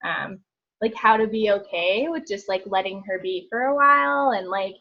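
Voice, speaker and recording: A woman's voice: medium pitch, moderate pace, a little hiss or hum. A woman in her thirties talks in a rambling, casual way, full of likes and ums. She sounds like a therapist chatting with a group. The audio is dull and lo-fi, like a video call.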